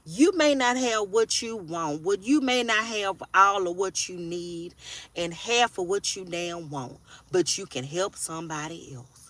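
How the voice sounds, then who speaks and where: A woman's voice: lowish voice, expressive, measured pace, a bit bright, no room sound. A woman in her forties giving a casual tarot reading, blunt and profane, preaching and often asking if you hear her. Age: 40s. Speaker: tarot reader.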